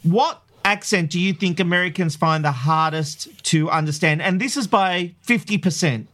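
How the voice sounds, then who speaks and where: A man's voice: high voice, moderate pace. A man hosts a casual radio panel. He keeps the talk moving, bringing in survey numbers and asking his co-hosts in turn. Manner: lively, leads the discussion with survey figures. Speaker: radio host.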